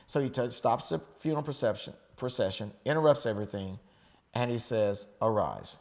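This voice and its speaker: A middle-aged American man preaching a sermon in a relaxed, conversational way, often checking in with "okay?" and restarting his phrases. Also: mid-range voice, a little fast. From United States. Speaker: pastor.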